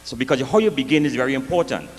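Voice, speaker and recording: A man with a West Indian accent performing a live comic storytelling set, lively and jokey, with sing-song swings in pitch. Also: racing, long reverb tail. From West Indies.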